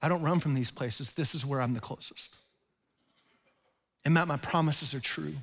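A male pastor preaching a sermon, telling stories in an animated way and laughing at himself. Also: on the high side, moderate pace, in a large hall.

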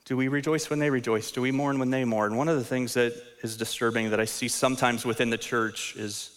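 A man in his thirties delivers a sermon in a relaxed, conversational way, poking fun at himself and often doubling words as he restarts a thought. His voice sits in a middle pitch. A long reverb trails behind him, as in a large church sanctuary. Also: fairly quick, clear, resonant tone. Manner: conversational, self-deprecating, repeats words when restarting. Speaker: pastor.

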